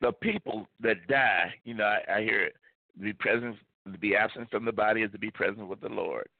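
A man's voice: on the low side, fairly quick, gravelly, no room sound. Pastor guy preaching hard, repeats himself for punch, thin phone-ish sound, dead dry. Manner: emphatic preaching, repeats key phrases. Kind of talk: sermon. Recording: tinny phone-like line, dry.

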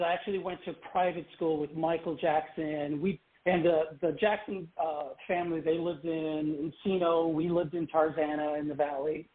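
A middle-aged man from Canada, a former child pop singer, telling stories in a casual interview with lots of laughter. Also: a little high. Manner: animated, laughing storyteller. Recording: phone-like line.

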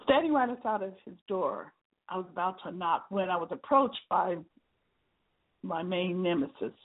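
A woman author reading aloud from her own memoir in an earnest, measured storytelling manner, with a husky voice. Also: lowish voice, expressive. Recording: tinny phone-like sound.

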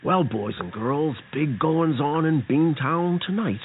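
A man putting on a folksy male announcer who introduces a children's radio play, speaking in a slow, sing-song way. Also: fairly high pitch, expressive. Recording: tinny lo-fi radio with hiss.

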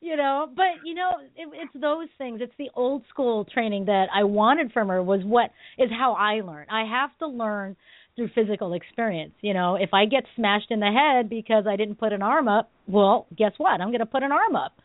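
A woman martial arts instructor co-hosting a radio talk show, telling stories in an animated way with frequent laughs and fillers. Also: on the high side, normal speed, no room sound. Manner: animated storytelling, laughs often, many fillers. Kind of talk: casual radio chat. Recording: dry, tinny phone line.

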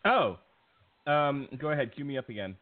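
A man's voice: medium pitch, very animated, normal speed. A man co-hosting a podcast, bantering in a dry, teasing way. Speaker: podcast co-host. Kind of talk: casual banter. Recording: phone-like line with loud noise.

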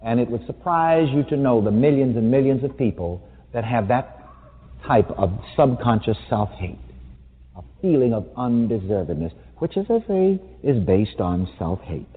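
Male preacher, sermon, emphatic, wry, lively pitch, phone-thin sound, long hall echo. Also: normal speed, phone-quality sound. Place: large hall with an audience.

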